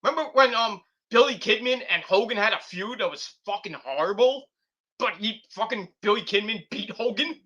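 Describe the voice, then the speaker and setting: A man with a high, bright and forceful voice talks on his own show in a loose, rambling way. He swears freely and keeps restarting his sentences, filling the gaps with ums. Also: moderate pace, muffled recording. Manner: rambling, profane, with frequent restarts and filler. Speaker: wrestling podcast host. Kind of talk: casual rambling commentary.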